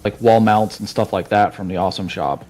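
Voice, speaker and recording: A man's voice: lowish voice, steady tone, brisk, a crowd in the background, low-quality recording. A man in a multiplayer voice chat, explaining game mechanics to a teammate in a matter-of-fact, casual way.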